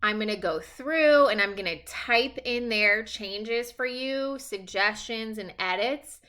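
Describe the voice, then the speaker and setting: Bright-voiced woman teacher giving instructions. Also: a little high, slow pace, clear, resonant tone. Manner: casual, reassuring, checks in with frequent "okay?". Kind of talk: recorded remote class instructions. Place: at home.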